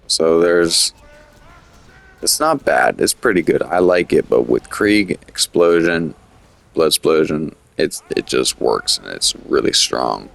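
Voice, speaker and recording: Very deep, gravelly-voiced man commenting on a game. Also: sing-song, takes it slowly, fairly bright tone. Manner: loose, rambling, full of fillers and restarts. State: has the hiccups. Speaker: gaming commentator. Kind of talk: casual gameplay commentary.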